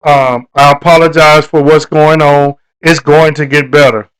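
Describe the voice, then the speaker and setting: Brief: male live stream host, higher-pitched voice, loose and preachy. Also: flat delivery, normal speed, a bit bright, smooth, poor audio. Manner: loose, repetitive, preachy delivery addressing viewers. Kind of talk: casual live stream talk.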